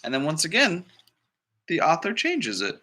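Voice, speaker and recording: Male librarian, children's read-aloud, chatty and questioning, high lively voice. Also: moderate pace, a little hiss or hum. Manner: chatty, asks listeners questions.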